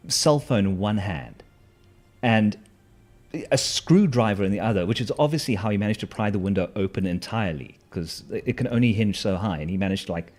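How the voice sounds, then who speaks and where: A man's voice: lowish voice, darkish tone. A man telling a personal story in a casual, wry, self-mocking way, with lots of fillers and restarts.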